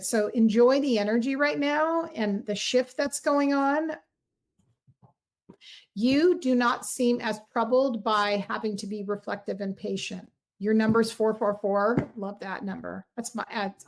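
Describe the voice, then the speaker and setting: A middle-aged woman hosts a casual tarot livestream, her voice sitting a touch high. She talks to her viewers directly, warm and effusive, piling on encouragement as she reads the cards. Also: measured pace, vocal fry.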